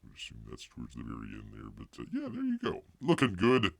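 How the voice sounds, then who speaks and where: A man's voice: sits low, wildly swooping pitch, fairly quick, gravelly, dry recording. A man hosting a casual livestream, rambling with jokey asides and calling himself by name in the third person. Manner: jokey asides and silly voices. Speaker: livestream host.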